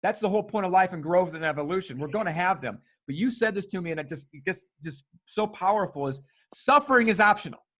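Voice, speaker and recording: A middle-aged man hosting a podcast, talking in an animated, emphatic way and swearing freely. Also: sits high, fast, hardly any pauses. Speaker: podcast host. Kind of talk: casual conversation.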